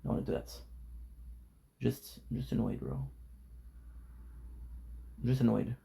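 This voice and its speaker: A man with a gravelly, low-fry voice vents casually to his camera. His talk is frustrated and full of swearing, and he circles back over the same words again and again. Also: lively intonation, unhurried, warm tone, rough recording. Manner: frustrated, swearing, repeats himself. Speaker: vlogger. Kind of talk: casual venting vlog.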